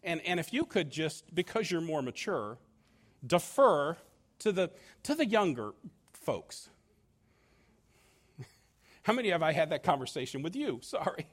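High-voiced, animated man preaching. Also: unhurried, pauses often. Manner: conversational preaching with frequent restarts and ums. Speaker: pastor. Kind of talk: sermon.

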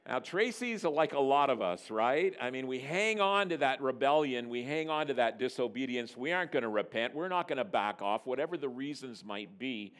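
Animated male preacher telling stories. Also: mid-range voice, moderate pace, hardly any pauses, clear, resonant tone. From Northern Ontario, Canada. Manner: animated storyteller, voicing characters in dialogue. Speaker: pastor. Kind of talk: sermon with storytelling.

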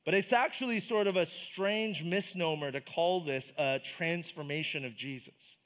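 A man's voice: on the high side, normal speed, fairly bright tone. A man preaching a casual, enthusiastic sermon at a church service, asking the congregation questions. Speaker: pastor. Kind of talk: conversational sermon.

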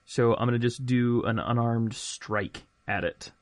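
A man's voice: medium pitch, steady tone, unhurried, dry recording. A man playing a tabletop game, chatty and rambling, amused at himself. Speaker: player. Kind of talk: casual tabletop game play.

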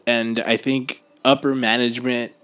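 A man's voice: mid-range voice, little pitch movement, moderate pace, a bit bright, clear, resonant tone. A man telling workplace stories in casual chat, laughing often and restarting his sentences.

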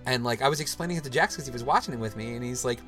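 Rapid-fire and pushed, his bright mid-range voice rambles through a casual podcast chat full of "like" and restarts, with soft music playing in the background. The host is a man in his thirties.

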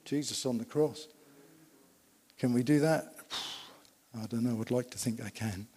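Preacher, emphatic storyteller. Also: male voice, mid-range voice, measured pace, darkish tone, husky. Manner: emphatic storytelling with rhetorical questions. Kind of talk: sermon. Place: church. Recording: long reverb of a church hall.

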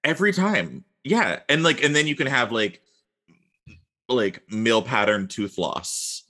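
A man chatting casually as a podcast co-host, joking and riffing in quick bits. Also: mid-range voice, animated, pushed and bright. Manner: joking, riffs with silly voices. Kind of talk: casual chat.

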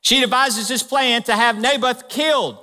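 Preacher guy, high bright voice, chatty sermon storytelling, big church echo. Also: moderate pace. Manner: conversational, animated storytelling. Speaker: pastor.

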